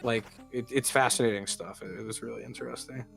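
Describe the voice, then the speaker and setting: A man's voice: mid-range voice, fairly even intonation, fast, vocal fry, a bit bright, faint music behind. A man hosting a gaming stream, chatting casually and rambling with many fillers and restarts. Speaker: streamer and host. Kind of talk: casual chat while gaming.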